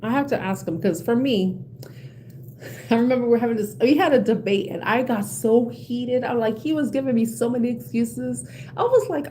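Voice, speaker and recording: Tarot vlogger, woman, higher pitch, swears, laughs through a heated rant. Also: animated, normal speed, long pauses, darkish tone, a little hiss or hum. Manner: blunt, swears freely, laughs often, gets heated. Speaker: tarot reader. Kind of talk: casual ranting chat to viewers.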